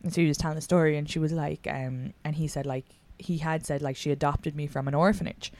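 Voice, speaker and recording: A woman's voice: sits low, steady tone, a little mellow. A young Irish woman hosting a podcast, chatting casually and telling stories in a brash, swear-heavy way. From Ireland. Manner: brash, quick storytelling full of swearing. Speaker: podcast host and comedian. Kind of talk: casual chat.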